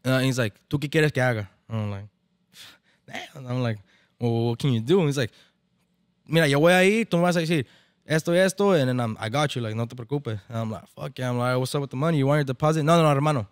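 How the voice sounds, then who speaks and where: A man's voice: medium pitch, fast, clean tone, dry recording, studio quality. A man, a barber event organizer, telling a story in casual, profane slang and slipping into Spanish now and then. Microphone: podcast microphone.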